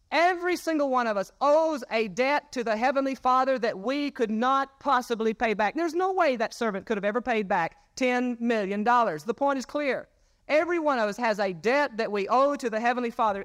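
High-voiced preacher, dry sound. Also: male voice, a bit bright, no echo. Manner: earnest, repeats key phrases for emphasis. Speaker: pastor. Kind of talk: sermon. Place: church sanctuary.

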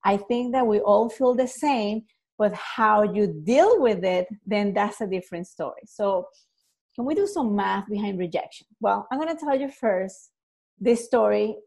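A woman educator talks casually to the camera in a chatty, loose way. Her voice sits at a middling pitch, with lots of fillers and laughs breaking up her explanations. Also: a little mellow.

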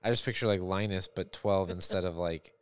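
Very deep-voiced woman reacting briefly. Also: steady tone, a little fast. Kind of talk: casual chat.

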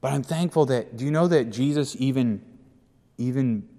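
Male pastor, mid-pitched, animated verse-by-verse preaching, long reverb from a large sanctuary. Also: normal speed. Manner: animated, acts out the speakers in the passage. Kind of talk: sermon.

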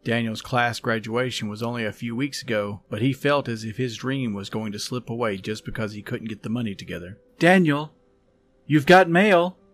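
A man hosting a podcast, reading a story aloud in a calm, measured, soft-spoken way. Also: on the low side, slight background noise. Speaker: podcast host and story reader. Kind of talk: scripted story narration.

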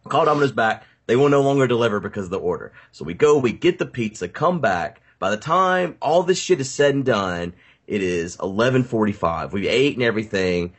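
A man with a low, husky voice who swoops up and down as he tells a rowdy story. He swears freely and loudly acts out what he said back then. It sounds like a casual podcast chat. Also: lively intonation, brisk. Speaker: podcast host.

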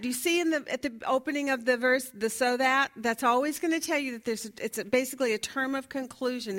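Leading a Bible study class conversationally, a woman with a slightly high, fairly bright voice reads from her notes and poses questions to her listeners. She fumbles with the notes and laughs at herself.

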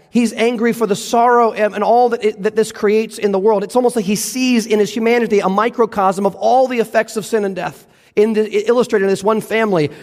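A man delivers a sermon in a high, clear voice. He is earnest and slows right down, sinking lower on the words he wants to land. His voice rings through a church sanctuary with a long, trailing reverb. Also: darkish tone. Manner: earnest preaching, drops low and slow for emphasis. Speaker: pastor.

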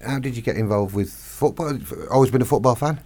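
A man's voice: mid-range voice, a little fast, mellow. A man hosting an interview, chatty and encouraging with his guest. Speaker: interview host. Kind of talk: casual interview.

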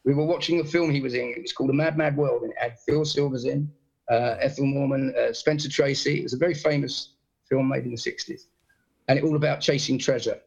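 A man from England chats casually, his voice gravelly with a rough, husky edge. He is an animated storyteller who slips into the voices of the people in his tales. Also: medium pitch, fast, dull audio. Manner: animated storyteller, acts out quotes. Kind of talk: casual chat, anecdotes.

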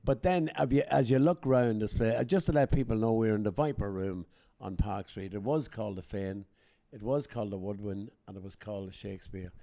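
A man's voice: fairly low pitch, brisk, hardly any pauses. An older Irish man hosting a podcast, telling jokes and acting out the people he quotes. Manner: animated joke-teller, acts out quotes. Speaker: podcast host. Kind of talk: casual storytelling chat.

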